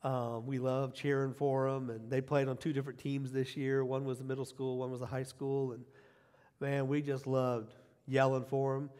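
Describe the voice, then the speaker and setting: A middle-aged man preaching a sermon as pastor, emphatic, repeating key phrases and swinging from quiet asides to loud cheering. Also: mid-range voice, little pitch movement, normal speed, clear, resonant tone. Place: church sanctuary. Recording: long hall reverb.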